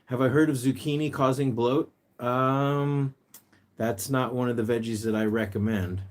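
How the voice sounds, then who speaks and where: A man hosting a casual livestream, chatting and reading viewer comments aloud, sometimes jumping into a high sing-song voice to coax his pet bird. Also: fairly even intonation, moderate pace. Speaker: pet rescue livestream host.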